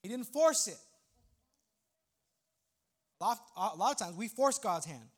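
A man in his thirties delivers a sermon as pastor, speaking in an unusually high voice. He talks to the congregation casually and with humor. Now and then he builds into emphatic, near-shouted points. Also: expressive, measured pace, long pauses. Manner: conversational, humorous preaching with rising emphatic outbursts.

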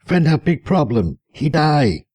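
A man's voice: a little high, sing-song, a little slow, a little mellow, slightly rough, no echo, voice pushed up, exaggerated voice. A man voicing an agitated young woman who speaks broken English in a panic, in an audiobook. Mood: frantic. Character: agitated Thai go-go dancer woman, frantic.

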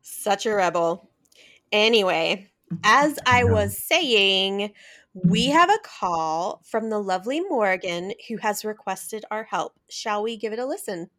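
A woman's voice: mid-range voice, expressive, measured pace, fairly bright tone. A woman playing a cheerful cat who hosts a podcast, goofy and playful in her banter. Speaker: host.

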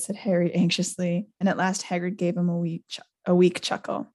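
A woman's voice: lowish voice, brisk, hardly any pauses. A woman hosting a podcast, reading a book aloud live with character voices and chatty asides. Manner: reads with animated character voices, laughs often.

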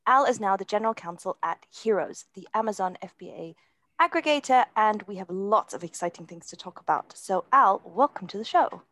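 A woman co-hosting a professional podcast, bright, friendly and chatty. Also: mid-range voice, expressive, fairly quick. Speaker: podcast co-host, lawyer.

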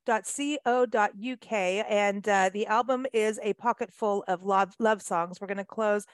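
A woman hosting a radio show, talking in a chatty, animated way with lots of fillers. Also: mid-range voice, normal speed, dry recording. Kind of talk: casual radio interview chat.

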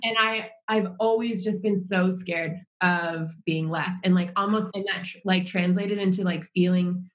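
Rambly American woman, lowish voice. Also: fairly even intonation, unhurried, hardly any pauses, low-quality recording. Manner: rambling, heavy use of "like" fillers. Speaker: podcast co-host. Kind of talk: casual chat.

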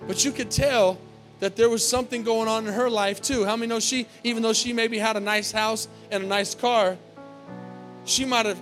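A male pastor preaches to his church in a fairly high voice, building repeated phrases and checking in with the congregation. Soft music hums faintly under his sermon. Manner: preaching with call-and-response "Amen?" and repeated phrases.

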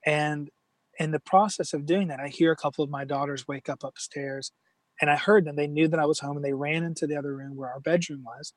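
A man's voice: on the high side, steady tone, dry recording. Earnest middle-aged man telling his story. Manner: earnest, halting storytelling with many restarts. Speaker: guest. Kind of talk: personal story in a podcast interview.

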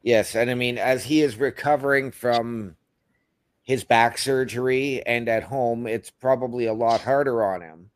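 A man with a mid-range voice and an unhurried pace co-hosts a casual podcast. He reads out details of news announcements and then comments on them.

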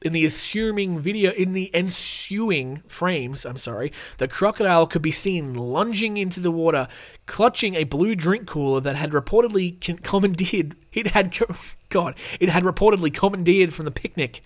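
Sarcastic Australian man, fairly high voice. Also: expressive, normal speed. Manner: sarcastic, rambling, swears freely. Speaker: podcast host. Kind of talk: casual podcast chat and news reading.

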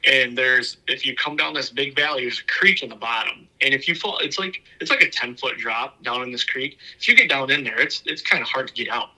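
A man telling a long bowhunting story in a loose, rambling way, full of "like" and "you know", his voice dropping to a hushed whisper at the tense moments. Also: mid-range voice, brisk, few pauses, poor audio. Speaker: bowhunter recounting a hunt. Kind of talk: casual spoken storytelling.

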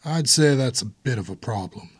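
A man's voice: mid-range voice, lively intonation, normal speed, slightly rough, no room sound. A man voicing a grim, blunt hardened older brother in an audiobook.

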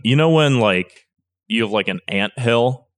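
A man's voice: medium pitch, lively intonation, measured pace, a bit bright, dry recording, clean studio sound. Exasperated man with a Chicago accent. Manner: rambling, profane, exasperated. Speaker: podcast co-host. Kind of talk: casual podcast banter.

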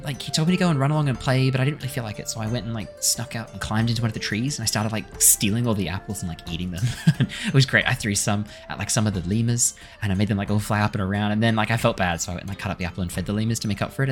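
A woman voicing a chatty, excitable young girl airbender in a tabletop game, rambling with lots of "like". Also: rumbling low, racing, hardly any pauses, soft background music, voice pushed down.

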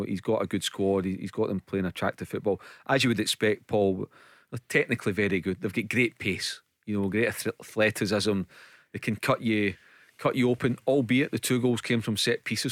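A man giving football analysis on a radio show, measured and prone to repeating words. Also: fairly low pitch, fairly bright tone, no echo, clean studio sound. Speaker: football pundit. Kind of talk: casual radio sports chat. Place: radio studio.

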